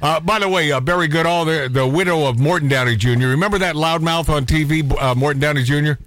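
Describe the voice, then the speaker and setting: A man's voice: fairly high pitch, quick pace, fairly bright tone, no echo, studio quality. A man hosting a talk radio show, rambling and emotional, often repeating himself as he chats with guests. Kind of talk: casual talk radio chat.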